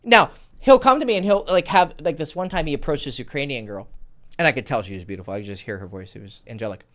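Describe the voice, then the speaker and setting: A man's voice: medium pitch, fast talker. A man hosting a dating advice Q&A as a coach, talking casually with lots of swearing and acted-out dialogue. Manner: animated, profane, acts out quoted dialogue.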